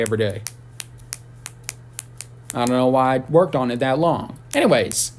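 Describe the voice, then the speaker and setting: A man ranting on a casual livestream, rambling and profane, with sudden high squeals and shouts.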